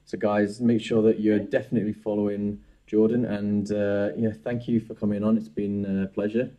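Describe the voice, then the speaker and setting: A man's voice: on the low side, little pitch movement, normal speed, lo-fi sound. A young man, a dentist, hosting a casual podcast interview and talking with many fillers and restarts. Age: young adult.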